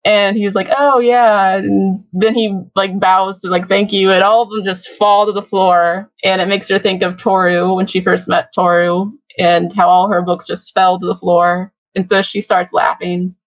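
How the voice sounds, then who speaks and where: A woman's voice: mid-range voice, little pitch movement, moderate pace, few pauses, no room sound, highs cut off. A young woman hosting a casual fan podcast, chatty and giggly, with lots of fillers. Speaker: podcast host.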